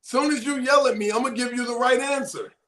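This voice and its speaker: A man with a high voice talks bluntly on a casual panel chat. He makes his points with emphasis and swears freely. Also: fairly even intonation, a little fast, a bit bright, reverberant. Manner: emphatic, blunt, profane storytelling. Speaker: panel guest.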